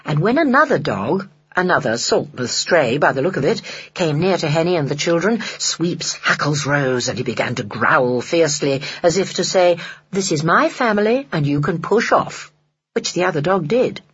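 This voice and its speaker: An expressive audiobook narrator with a husky, breathy voice that moves up and down in a lively way. The recording sounds dull and lo-fi. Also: medium pitch, normal speed, hardly any pauses. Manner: expressive storytelling.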